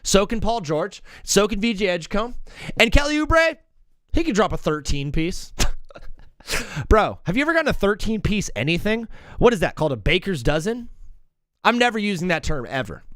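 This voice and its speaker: High, animated man hosting a live stream. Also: moderate pace, no room sound, clean studio sound. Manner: energetic, joking, rambling riffs. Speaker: host of a live sports comedy call-in stream. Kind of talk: casual live-stream sports banter.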